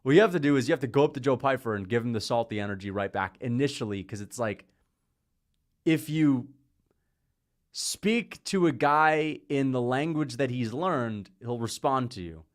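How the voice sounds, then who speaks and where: A man in a casual livestream, part chat and part fight commentary, with a voice sitting at an everyday middle pitch. He wanders through tangents and laughs through his sentences. He turns loud and excited at big moments. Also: normal speed. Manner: rambling, jumps between topics; laughs often mid-sentence. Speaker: livestream host.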